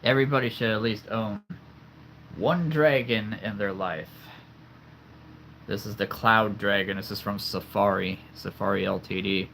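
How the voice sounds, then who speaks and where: A man's voice: fairly low pitch, fairly even intonation, a little slow, creaky, fairly bright tone, slight background noise. A young man from the central United States hosting a casual livestream, chatty and enthusiastic, laughing easily. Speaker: livestream host.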